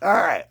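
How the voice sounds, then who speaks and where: A man's voice: high voice, creaky, breathy edge. A man on a live stream ranting with profanity and mockery, sometimes talking about himself in the third person. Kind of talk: angry live-stream rant.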